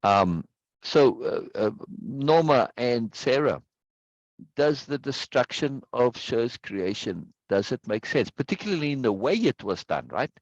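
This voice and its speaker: A man's voice: medium pitch, very animated, unhurried, no echo, highs cut off. A man leading an online study group in a casual, rambling way, who often stops to ask "right?". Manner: rambling, repeats words, asks "right?" often. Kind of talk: casual teaching over a video call. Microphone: video call.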